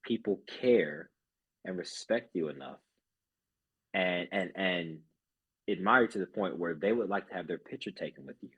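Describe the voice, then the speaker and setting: A man's voice: low-pitched, lively intonation, normal speed, pauses often, fairly bright tone, breathy edge. A man who is a group fitness instructor, talking earnestly as a podcast guest and often restarting his sentences. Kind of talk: casual podcast chat.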